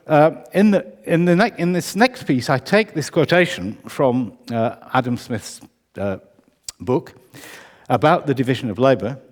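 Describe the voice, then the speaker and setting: UK man, composer's lecture, wry and chatty, hall reverb. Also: on the high side. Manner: conversational, wry, self-correcting. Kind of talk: public lecture. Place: concert hall.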